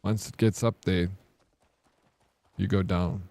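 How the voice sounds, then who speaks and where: A man's voice: low voice, steady tone, slow pace, gravelly, mellow, no room sound. Playful man streaming a game, dry sound. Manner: playful teasing banter, reads chat aloud. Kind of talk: casual live-stream chat with viewers.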